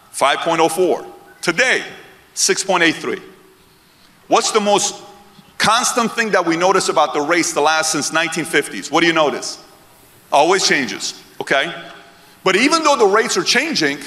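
A male motivational speaker on a stage, punchy and quizzing his audience nonstop. His voice is bright, sharp and a touch high. It rings out with the long reverb of a large hall. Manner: punchy, firing questions at the audience. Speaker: seminar speaker.

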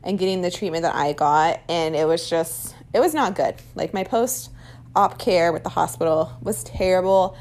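A woman's voice: on the low side, normal speed, a little mellow. A young woman casually telling her own birth story, chatty and candid with plenty of "um" and "like". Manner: chatty and candid, many fillers like "um" and "like". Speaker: mother sharing a birth story.

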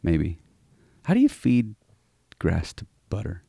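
A man's voice: on the low side, wildly swooping pitch, slow, gravelly, dark tone, breathy edge, no room sound, clean studio sound. A man co-hosting a casual podcast, playful, tossing out dad jokes. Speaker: podcast co-host. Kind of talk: casual chat.

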